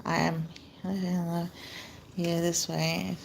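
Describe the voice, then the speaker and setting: Slow, low-voiced woman chatting with viewers. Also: flat delivery, vocal fry, slight background noise. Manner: chatty, reads viewer comments aloud, laughs often. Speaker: livestream host. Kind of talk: casual livestream chat with viewers. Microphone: laptop.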